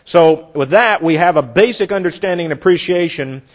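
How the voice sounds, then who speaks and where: Earnest guy preaching, tells it like a story, kinda high voice. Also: normal speed. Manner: earnest storytelling, dropping soft for effect. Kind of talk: sermon with a told story.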